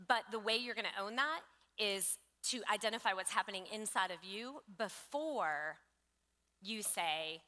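A woman's voice: mid-range voice, measured pace, bright, forceful tone. Earnest woman preacher in reverberant hall. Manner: earnest, affirming, cites scripture. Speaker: pastor. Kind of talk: conversational sermon. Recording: long reverb of a church hall.

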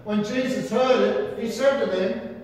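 An Australian man with a high voice preaches slowly and emphatically, pressing his listeners with questions. He is heard from far off in a big church hall that rings with a long echo. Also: a little hiss or hum. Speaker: pastor. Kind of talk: sermon.

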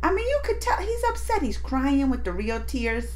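A woman hosting a casual reaction video, excitedly retelling and commenting on scenes. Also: sits high, moderate pace. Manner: animated, excitable retelling with laughs and acted-out quotes.

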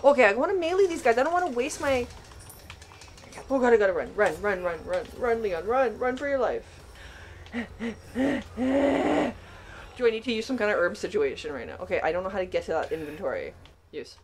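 A woman giving panicky, excitable commentary while playing a video game for the first time, laughing often. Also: on the high side, normal speed, slight background noise. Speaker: gaming channel host.

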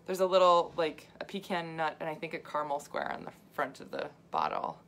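A woman's voice: low voice, big pitch swings, fairly quick, a bit bright. A middle-aged woman health coach talking casually to viewers, chatty and full of asides and fillers, laughing often. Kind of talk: casual livestream talk.

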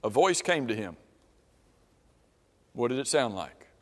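Slow-preaching man in a reverberant church. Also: medium pitch, very animated. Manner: slow, questioning the congregation. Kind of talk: sermon. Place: church auditorium. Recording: long reverb of a church hall.

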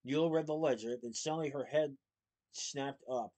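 A man reading a children's book aloud, steady with small slips and restarts. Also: medium pitch, moderate pace.

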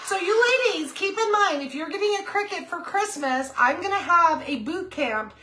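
A woman's voice: very high voice, lively intonation, moderate pace, pushed and bright. A woman in her fifties hosting a casual crafting livestream, chatting with viewers and calling to her puppy. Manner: chatty, reads viewer comments aloud, talks to her puppy.

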